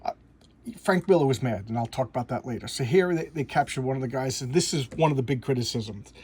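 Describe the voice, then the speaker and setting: Husky-voiced man rambling through a comic review. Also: medium pitch, darkish tone. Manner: rambling and halting, with frequent restarts and chuckles. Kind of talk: casual spoken comic review.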